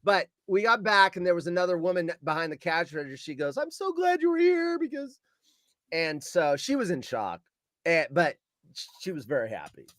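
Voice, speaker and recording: A man calling in to a show and telling a story with animated delivery, shouting out his quoted lines and swearing along the way. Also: a little high, a little fast, no echo.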